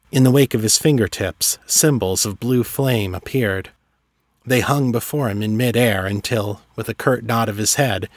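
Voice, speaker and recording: A man narrating a fantasy story in a measured, dramatic way. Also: mid-range voice, dry recording, studio quality. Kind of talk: scripted narration.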